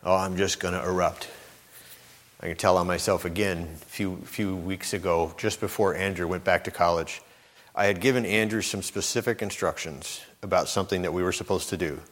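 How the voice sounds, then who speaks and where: A middle-aged man delivers a sermon in a relaxed, conversational way, often repeating words and acting out the voices of the people in his stories. His voice sits very low. It rings with the long reverb of a large hall. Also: fairly quick. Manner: conversational, repeats words, acts out quoted speech. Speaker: preacher.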